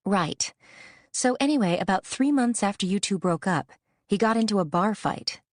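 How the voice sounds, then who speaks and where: A woman's voice: medium pitch, expressive, moderate pace, darkish tone, no room sound, voice pushed up, natural voice. A woman voicing a blunt, loyal female friend, with a matter-of-fact, dry delivery.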